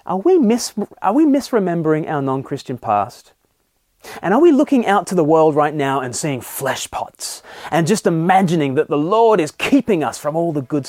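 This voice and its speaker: A man's voice: on the high side, no room sound, studio quality. A man giving a short daily Bible devotional, preaching earnestly and with animation. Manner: earnest, animated preaching that acts out grumbling voices. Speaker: Bible teacher.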